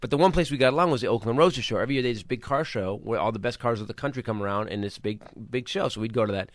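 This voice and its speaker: A man, a comedian guest in a radio studio, telling a story with animated delivery and loud acted-out outbursts. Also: mid-range voice, rapid-fire, dry recording.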